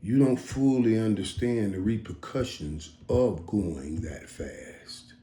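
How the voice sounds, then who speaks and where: A man in his fifties hosting a casual reaction monologue, talking emphatically with stammered restarts and dropping into low mutters. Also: lively intonation, slow, dark tone. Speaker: host. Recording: roomy echo.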